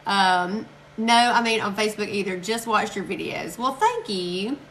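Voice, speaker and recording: A woman's voice: medium pitch, expressive, a little slow, fairly bright tone, a little hiss or hum. A woman from Alabama with a Southern accent, chatting casually with viewers while she crafts on a live stream, laughing often and reading out their comments. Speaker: crafting livestream host.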